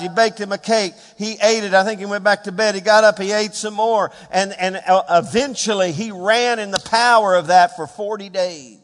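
A man preaching a sermon as a pastor, swinging between hushed, quiet passages and louder emphatic ones. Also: sits high, moderate pace, in a large hall. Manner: dynamic preaching, dropping to hushed tones and rising for emphasis.

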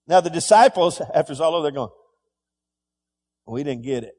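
Man preaching, high voice, call-and-response, long hall reverb. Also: animated, fairly quick, darkish tone, slightly rough. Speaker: pastor. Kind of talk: sermon.

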